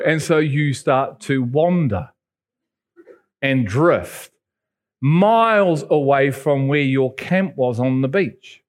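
A man from England, preaching a sermon and telling stories with sudden high jumps in pitch. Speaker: pastor.

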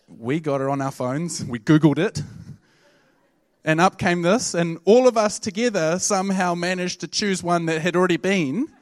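Kiwi pastor guy preaching, chatty storytelling, pretty high voice, dry sound. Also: no room sound. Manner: conversational, animated storytelling. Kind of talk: sermon.

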